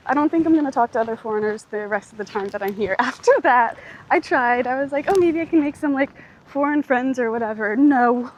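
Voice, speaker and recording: A woman's voice: fairly high pitch, a little fast, muffled recording, slight background noise. A young woman chatting to camera in a travel vlog, rambling and self-mocking, with plenty of "like". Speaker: travel vlogger. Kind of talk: casual vlog chat to camera.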